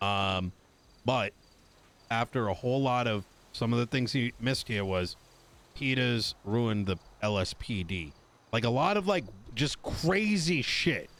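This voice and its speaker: Slow, measured man in game roleplay. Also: mid-range voice, animated, fairly bright tone. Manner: slow, measured, hesitant with many ums. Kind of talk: in-character roleplay chat.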